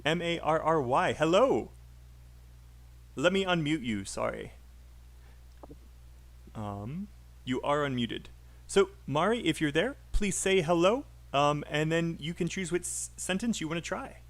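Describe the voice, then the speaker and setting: A man's voice: on the high side, expressive, a little slow, long pauses. A British man teaching an online English speaking class, coaching students with encouraging feedback. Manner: encouraging, coaching, filler-heavy.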